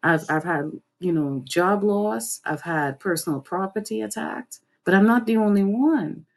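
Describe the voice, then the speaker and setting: A woman hosting a livestream, giving fiery, preachy commentary and swinging her pitch up and down as she speaks. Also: a little slow, gravelly. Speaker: host.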